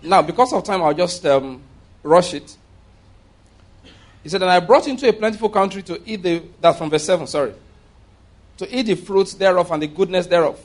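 A man with a notably high voice preaches a sermon. He reads scripture aloud and stresses key words for emphasis. Now and then he stops short and restarts a phrase. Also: normal speed, pauses often.

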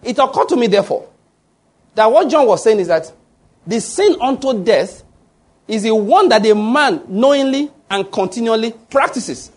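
A man's voice: extremely high pitch, animated, moderate pace. A man preaching a sermon, often asking the congregation fill-in-the-blank questions. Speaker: pastor.

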